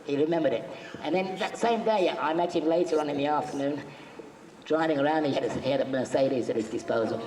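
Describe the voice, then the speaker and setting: In an echoey convention hall with faint background noise, a panel guest tells a live audience chatty, joking anecdotes, acting out what people said. His voice is a little high and a little fast.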